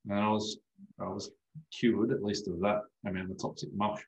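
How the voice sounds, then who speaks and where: A man's voice: fairly low pitch, level tone, moderate pace, roomy sound, rough recording. A man speaking as an osteopath guest in casual podcast chat, telling stories animatedly and swearing freely.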